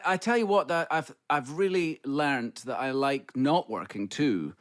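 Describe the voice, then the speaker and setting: A man's voice: mid-range voice, animated, unhurried. A man in his fifties with a Scottish accent, telling a story as a guest in a casual, self-deprecating way. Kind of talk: casual conversation.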